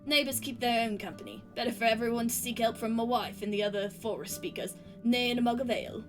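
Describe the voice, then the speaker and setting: A woman voicing a burly, gruff older male innkeeper, speaking curtly in a game read-aloud. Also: a little high, steady tone, fast, over music, lightly acted, rough recording. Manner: curt, dismissive.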